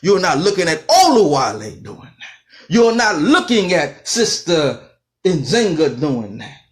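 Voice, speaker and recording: A man's voice: fairly high pitch, very animated, takes it slowly. A man giving an impassioned lecture in a fiery, rhythmic way, repeating phrases for emphasis.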